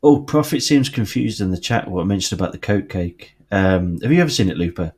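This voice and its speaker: A man's voice: deep voice, expressive, fairly quick, a little mellow. A man, joking playfully on a casual podcast. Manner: jokey, playful.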